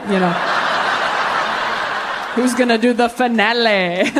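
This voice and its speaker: A woman in her thirties works a live crowd from a stage, her voice pitched high and bright. She is brash and profane. She keeps throwing in quick self-mocking asides, with a faint hum of the room behind her. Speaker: stand-up comedian. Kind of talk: stand-up comedy set with crowd work. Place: comedy stage before a live audience.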